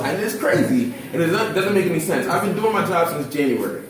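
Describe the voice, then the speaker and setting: A man in his twenties from Philadelphia who works with charter school kids, talking casually in an animated, slangy way with acted quotes. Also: on the high side, fairly quick, heavy reverb, recorded from a distance, low-quality recording. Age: 20s. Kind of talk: casual discussion.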